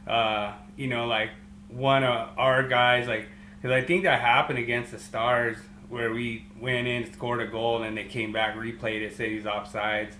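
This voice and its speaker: A man co-hosting a casual sports podcast, easygoing and agreeable, halting with fillers as he talks. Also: mid-range voice, little pitch movement, sharp tone, echoey room, slight background noise. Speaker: podcast co-host. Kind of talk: casual chat.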